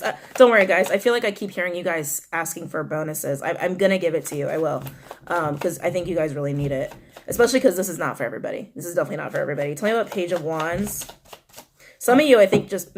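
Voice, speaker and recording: A young woman giving a casual tarot reading, animated and blunt, swearing and talking straight to her viewers. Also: lowish voice, a little hiss or hum. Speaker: tarot reader.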